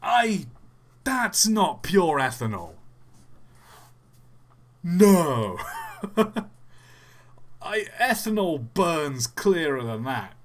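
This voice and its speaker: A man's voice: fairly high pitch, very animated, drawn-out words, pauses often. A young man giving casual, jokey live-stream commentary, chatty and often trailing off.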